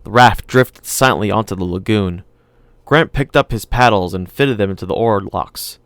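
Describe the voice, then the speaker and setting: Low, smooth male voice reading an audiobook, calm and measured, dry close sound. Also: no room sound. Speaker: audiobook narrator. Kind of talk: scripted narration.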